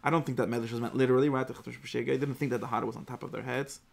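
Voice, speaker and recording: A man teaching an informal Torah class, lively and acting out the verses. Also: mid-range voice, racing, creaky. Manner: animated, acts out the verse in God's voice.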